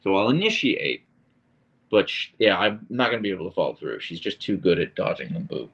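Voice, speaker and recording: A man's voice: low voice, sing-song, a little fast, creaky, a bit bright, breathy edge, highs cut off. A man hosting a casual live stream from his phone, reading viewer comments aloud and chatting to his dogs in an easygoing way. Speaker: livestream host.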